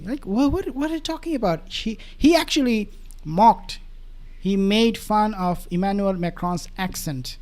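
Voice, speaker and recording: Animated, mocking male commentator. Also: high voice, moderate pace. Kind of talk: political commentary.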